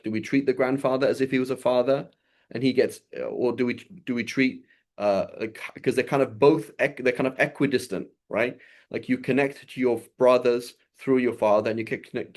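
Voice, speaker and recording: A man's voice: mid-range voice, steady tone, a little fast. Conversational man teaching a religious lesson. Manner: conversational, often checks in with "right?"; recites Arabic passages fluently.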